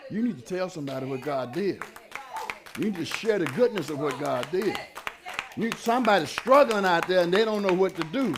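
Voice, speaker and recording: High-voiced preacher man, fervent and rousing. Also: lively intonation, fairly quick, background noise. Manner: call-and-response preaching that builds to shouted peaks; fervent and conversational, using folksy asides. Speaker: pastor. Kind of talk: preaching a sermon.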